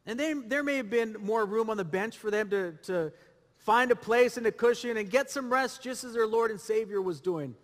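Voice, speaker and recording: Male pastor, bright ringing tone, repetitive sermon delivery in a reverberant hall. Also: very high-pitched. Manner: preaching with rhetorical questions and repetition.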